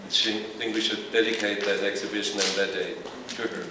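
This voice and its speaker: A low-voiced man speaks earnestly in a halting tribute. He is heard from far back in a large hall with a long reverb tail and clear background noise. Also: level tone. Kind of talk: tribute speech. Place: large ceremonial big house.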